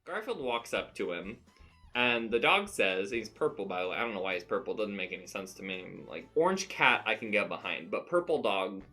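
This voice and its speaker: A man's voice: lowish voice, big pitch swings, a little fast, bright, forceful tone, faint music behind. A man casually reviewing comic strips, rambling and laughing as he reads them out. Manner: rambling, laughs at his own reading. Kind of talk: casual commentary.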